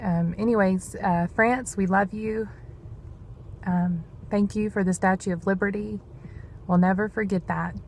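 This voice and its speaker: A woman's voice: mid-range voice, fairly even intonation, measured pace, a little hiss or hum. A woman, talking earnestly and a bit rambling in a devotional vlog. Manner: earnest, rambling, says "y'all". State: emotional, near tears. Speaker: vlogger sharing prophetic words.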